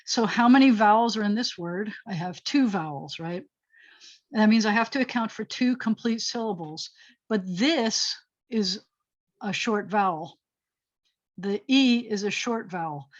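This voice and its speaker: Woman rabbi at mid pitch, teaching Hebrew over a muffled video call, chatty and self-correcting as she writes. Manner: thinks aloud while writing, self-correcting, chatty asides. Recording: slightly dull video call audio.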